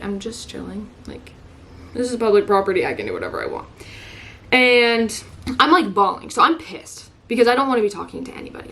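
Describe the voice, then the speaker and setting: A woman's voice: mid-range voice, a bit bright, slight background noise. Tearful young woman vlogger. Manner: emotional, heavy use of "like", breaks into laughs. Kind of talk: emotional storytime chat.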